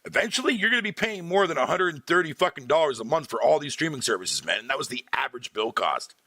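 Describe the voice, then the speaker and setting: A gravelly man with a bright edge rants on a livestream, his pitch swinging widely as he swears through his complaints. The sound is dry and close, with no room around it. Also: quick pace, no echo. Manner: profane, animated ranting with frequent laughter. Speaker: streamer. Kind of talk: casual livestream rant.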